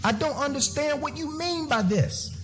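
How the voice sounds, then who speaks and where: A man's voice: extremely high pitch, animated, moderate pace, soft background music, voice pushed up. A man voicing a puzzled church brother who protests that he does not understand. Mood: baffled. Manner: incredulous, protesting.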